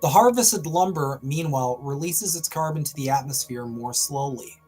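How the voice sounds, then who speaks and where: A man's voice: a little high, expressive, moderate pace, a little mellow, faint music behind. Wry man with a raised voice. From Canada. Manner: wry, breaks off into playful sarcastic asides. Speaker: host. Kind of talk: reading an article aloud with jokey asides on a livestream.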